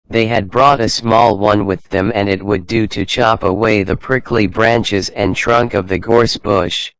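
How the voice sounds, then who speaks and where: A man narrating a children's adventure storybook in a slow, even reading manner. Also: fairly low pitch, no room sound, low-quality recording.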